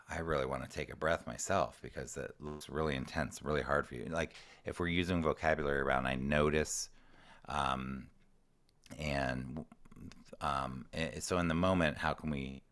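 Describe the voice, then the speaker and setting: A man's voice: extremely low pitch, a bit bright. A man, a guest coach, talking casually and thoughtfully about handling kids' emotional triggers, often restarting his sentences. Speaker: ADHD coach, podcast guest. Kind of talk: casual advice talk.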